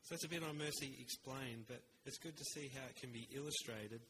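A man preaching a sermon in an earnest, measured way, with rhetorical pauses. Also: medium pitch, background noise.

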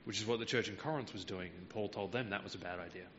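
A preacher gives a Bible teaching sermon in a fairly low voice, carefully explaining each verse and pausing on the occasional filler. The audio is slightly muffled, lo-fi and a bit bright, with a long reverb trailing him and faint noise beneath.

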